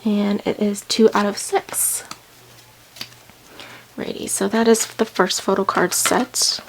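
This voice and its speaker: A woman in a casual unboxing vlog, excited and out of breath, gushing with many ums as she goes. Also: mid-range voice, slow pace, a little hiss or hum. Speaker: unboxing vlogger.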